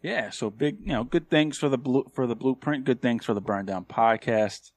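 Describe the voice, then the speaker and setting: A man co-hosting a podcast, bantering in a relaxed way full of slang. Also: mid-range voice, normal speed. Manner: laid-back, slangy banter. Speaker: podcast co-host. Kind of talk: casual chat.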